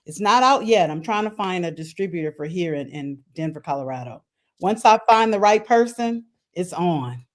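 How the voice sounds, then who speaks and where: A woman's voice: fairly low pitch, animated, moderate pace. A woman appearing as a talk-show guest, speaking in friendly, matter-of-fact casual chat.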